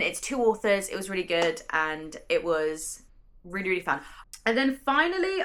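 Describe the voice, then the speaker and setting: A woman's voice: medium pitch, fairly bright tone. A young British woman vlogging casually about her work week as a bookseller, chatty and enthusiastic, her sentences running on. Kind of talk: casual vlog narration. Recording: staticky audio.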